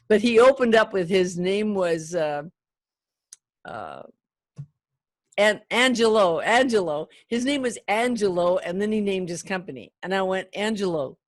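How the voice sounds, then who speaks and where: An older woman teaches phone etiquette in a chatty, animated manner and acts out the lines of callers and customers. Her voice sits at an ordinary middle pitch. It is recorded close and dry, with no room sound. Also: dry recording. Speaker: phone sales trainer. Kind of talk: training talk to camera.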